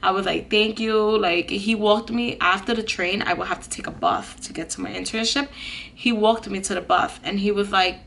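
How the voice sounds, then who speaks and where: Young woman, storytime vlog, earnest, gravelly, faint hiss. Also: mid-range voice, steady tone, fairly quick, fairly bright tone. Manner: earnest, lots of "like" fillers. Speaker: vlogger.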